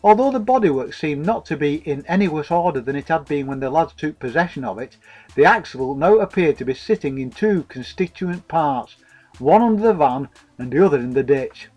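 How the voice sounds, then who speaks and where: A man's voice: on the high side, expressive, fairly quick, a little mellow, soft background music, low-quality recording. Man narrating a comic story dryly. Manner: dry, wordy mock-formal telling.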